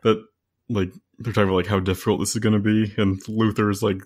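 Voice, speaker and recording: A man chatting on a podcast with eager enthusiasm, often breaking into laughter. His voice sits a little low. His delivery stays loose and conversational. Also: little pitch movement, fast, darkish tone. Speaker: podcast co-host. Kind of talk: casual chat.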